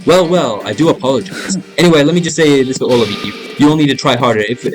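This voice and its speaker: A man reading the lines of an arrogant, condescending rich teenage boy from a video game, in a haughty, measured way, with game music behind. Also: medium pitch, natural voice. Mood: cold. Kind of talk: reading game dialogue aloud.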